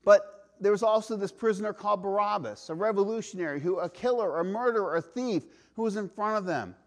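A man preaches a sermon in a high voice for a man. He is earnest and emphatic, stretching key words slowly and asking the listener question after question. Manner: earnest, emphatic, varies pace, rhetorical questions. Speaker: pastor.

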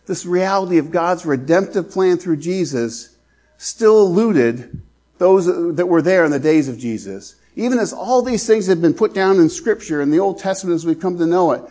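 Earnest slow-preaching male pastor. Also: high voice, warm tone. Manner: earnest preaching, slows down to stress scripture. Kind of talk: sermon.

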